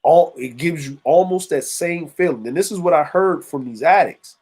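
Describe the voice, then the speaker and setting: Guy on a podcast, kinda high voice, tells stories and acts out the people in them. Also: moderate pace, darkish tone, breathy edge. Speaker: podcast co-host. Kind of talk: casual chat.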